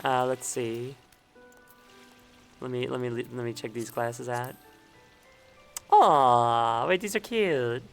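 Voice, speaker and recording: A woman's voice: extremely low pitch, slow pace, long pauses, faint music behind. A young woman streamer giving casual commentary as she plays, chatty and muttering little asides, often repeating words.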